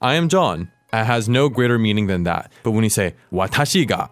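A man's voice: on the low side, sing-song, brisk, dry recording, soft background music. A man hosting a podcast language lesson, patiently explaining a dialogue step by step. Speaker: language teacher host.

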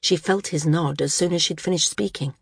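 Audiobook narrator, woman, low husky voice, dry and close, measured reading. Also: dry recording. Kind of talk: scripted narration.

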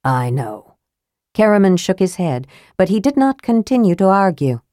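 A woman reading a fantasy novel aloud as an audiobook narrator, steady and clear. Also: mid-range voice, brisk, no echo, studio quality.

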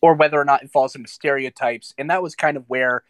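A man thinking out loud in an earnest way on a podcast panel. His voice sits at a middle pitch and the sound is dry, with no room around it. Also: steady tone, fast talker, clear, resonant tone, no room sound. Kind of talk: casual chat.

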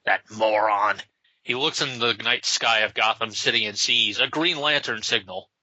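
Bright, husky man narrating a comic. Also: mid-range voice, moderate pace, no room sound. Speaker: podcast co-host reading a comic. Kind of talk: casual comedic read-along. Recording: slightly dull, dry lo-fi sound.

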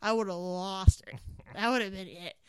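A woman chatting casually, telling an animated, swear-filled story about her driving. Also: medium pitch, moderate pace, clean tone, no echo. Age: adult parent. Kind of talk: casual chat.

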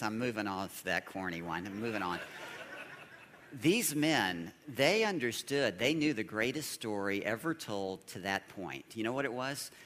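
Lively guy preaching, bright voice, big echoey church hall, acts out the story people with jokes. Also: medium pitch. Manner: animated preacher, acting out speakers in the story with a joking tone. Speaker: pastor. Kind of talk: sermon.

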